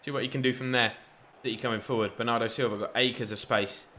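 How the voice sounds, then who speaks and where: A man giving chatty, excitable play-by-play commentary over a football video game. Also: mid-range voice, fast talker. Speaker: gaming YouTuber.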